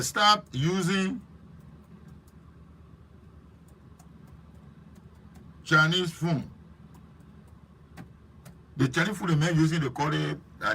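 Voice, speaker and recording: A man with a Liberian English accent hosting a live stream, chatting lively and preachy while teasing viewers by name. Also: on the high side, slight background noise. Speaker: host.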